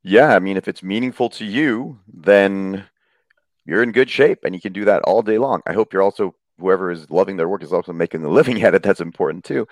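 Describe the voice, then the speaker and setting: Deep-voiced man explaining with lively stories. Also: fairly quick, no room sound. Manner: animated storyteller, acts out quoted voices. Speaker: guest speaker on happiness. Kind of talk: conversational explaining with anecdotes.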